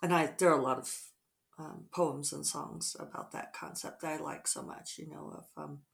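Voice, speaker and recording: Woman, low voice, gravelly fry, middle-aged, reflective casual vlog, meandering. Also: steady tone, moderate pace. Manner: reflective, rambling with soft fillers. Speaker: author.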